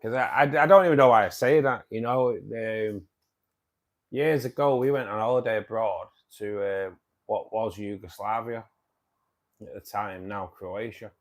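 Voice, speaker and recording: Hosting a casual livestream, a UK man with a Manchester accent talks back to viewers' comments. His voice is lowish, and his pace a little slow.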